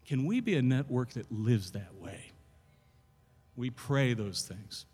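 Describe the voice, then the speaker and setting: A man preaching a sermon as pastor, telling the story with animated, rising delivery at the dramatic moments. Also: mid-range voice, takes it slowly, breathy edge. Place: church sanctuary. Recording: reverberant hall.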